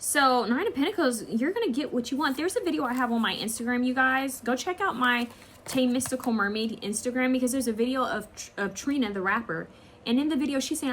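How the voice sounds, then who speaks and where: A woman's voice: high voice, brisk, slight background noise. A woman giving a casual pick-a-card tarot reading, chatty and rambling with slangy asides.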